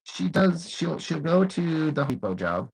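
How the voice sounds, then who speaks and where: A man's voice: fairly high pitch, very animated, normal speed, vocal fry, a little mellow, breathy edge, poor audio. A young man chatting casually over a video call, laid-back and rambling, laughing often. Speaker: co-host.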